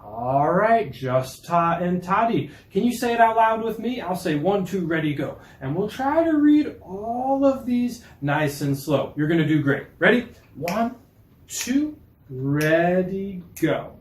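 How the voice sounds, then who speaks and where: A man's voice: high voice, big pitch swings, a little slow, hardly any pauses. A man music teacher leading children through rhythm reading indoors, patient and reassuring. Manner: patient, reassuring, warmly encouraging. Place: indoor room. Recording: echoey room.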